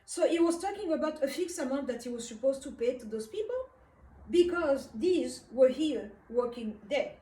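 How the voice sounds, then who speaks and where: A woman from Africa tells a dream as personal testimony. Her voice sits high and mellow, and she pauses often with small fillers. She is heard from a distance in a room with noticeable echo. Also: lively intonation. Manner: unhurried, hesitant, frequent uh fillers. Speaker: speaker recounting a dream. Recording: roomy, distant from the mic.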